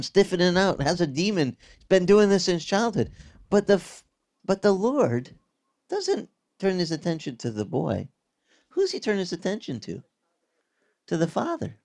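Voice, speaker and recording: A man preaches a Bible lesson in a lively, conversational way. His voice sits a little high for a man and swings widely in pitch as he acts out the scene. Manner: animated, conversational teaching with vivid reenactments. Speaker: pastor. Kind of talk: sermon.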